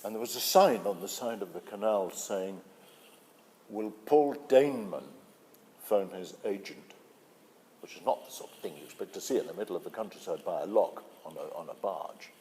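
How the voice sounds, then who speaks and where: An older British man, an actor, telling stories in an interview in a relaxed way, with fillers and restarts. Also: low voice, moderate pace, a little hiss or hum. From Britain. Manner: relaxed storytelling with hesitant fillers. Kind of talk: interview anecdote. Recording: hall reverb with faint music.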